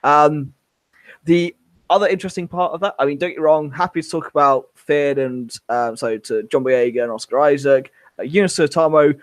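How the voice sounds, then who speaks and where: A man's voice: a little high, normal speed, dry recording. A man co-hosting a podcast, chatting casually and gushing with enthusiasm. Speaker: podcast co-host. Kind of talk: casual fan discussion.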